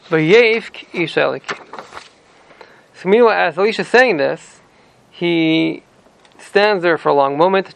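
Explaining a scripture passage to a student, this man's voice sits high and sounds gravelly and a bit bright. He reads the verses with Ashkenazi Hebrew pronunciation before paraphrasing them in simple English, on a poor recording with no room sound.

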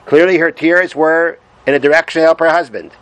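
Man, Torah lesson, somewhat high-pitched, explanatory, repetitive, translates Hebrew quotes. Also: fairly even intonation, a little fast, fairly bright tone, clean tone, low-quality recording. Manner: explanatory, repeats points, restarts often; reads Hebrew texts aloud and translates them. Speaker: Torah teacher.

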